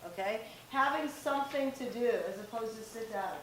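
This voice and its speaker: A woman's voice: on the high side, moderate pace, fairly bright tone, recorded from a distance. A middle-aged woman giving a live talk to parents and teens, speaking directly and conversationally and acting out bits of dialogue. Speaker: parenting workshop presenter. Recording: echoey room, faint background noise.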